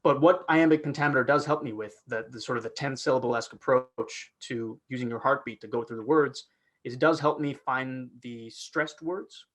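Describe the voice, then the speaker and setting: Speaking on a video call, a male guest actor walks through how he works in an informal teaching chat. His mid-range voice moves at a moderate pace, lively but full of false starts and filler words.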